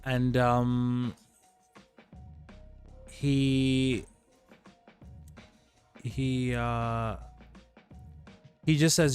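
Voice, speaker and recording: A man hosting a livestream, telling a story in a rambling, animated way full of "like" and "dude". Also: mid-range voice, drawn-out words, pauses often, clear, resonant tone, soft background music. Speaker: livestream host.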